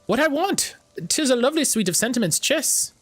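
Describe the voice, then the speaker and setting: A man's voice: very high voice, expressive, brisk, faint music behind, voice pushed up. A man voicing an odd-spoken traveling woman customer in a put-on Scottish accent, with archaic, garbled phrasing. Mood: quaint.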